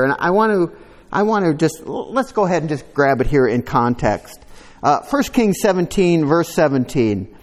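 A man's voice: fairly high pitch, lively intonation, unhurried, long reverb tail. A man preaching a sermon, reading scripture aloud with rising emphasis and adding conversational asides to the congregation. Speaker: pastor.

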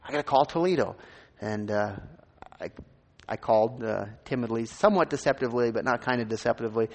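A man's voice: mid-range voice, a little fast, in a large hall. A man from Minnesota, a pastor, telling his personal testimony in a sermon in an informal, rambling way with many restarts.

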